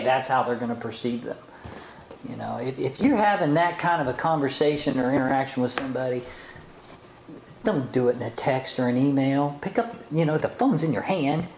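Casting: unhurried man teaching scripture conversationally, echoey hall. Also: fairly high pitch, a little hiss or hum. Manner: conversational, digresses with chuckles, acts out intonations. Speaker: Bible teacher. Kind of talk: sermon teaching. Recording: roomy hall, faint ambience.

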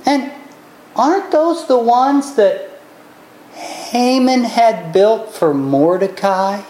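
In an echoey room with slight background noise, a woman preaches at an unhurried pace, bringing a scripture story to life. She gives each character a voice, leaping between high and low pitches.

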